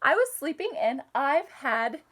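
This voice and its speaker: A woman's voice: high-pitched, sing-song, measured pace, fairly bright tone, full character voice. A woman voicing a big grumpy bear who was woken from his sleep, while reading a picture book aloud to children. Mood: sulky.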